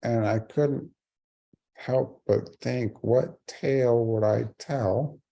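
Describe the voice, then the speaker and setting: A man's voice: mid-range voice, fairly even intonation, slow pace, gravelly, warm tone. A man in his forties giving a speech, telling a personal story with earnest humor. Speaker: keynote speaker.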